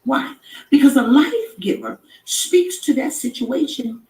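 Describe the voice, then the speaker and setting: Emphatic preaching woman, high voice, echoey room. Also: lively intonation, a little slow, far from the mic. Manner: emphatic, repeating, rising to shouts. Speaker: inspirational live-stream host. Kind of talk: preaching-style motivational talk. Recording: echoey room, off-mic with background noise.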